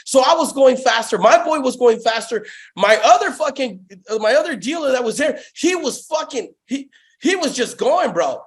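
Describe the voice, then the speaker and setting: Hyped, swearing salesman, high voice. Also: sing-song, moderate pace. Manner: profane, hyped storytelling, lots of "bro". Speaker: guest, sales company founder. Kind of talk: casual podcast interview.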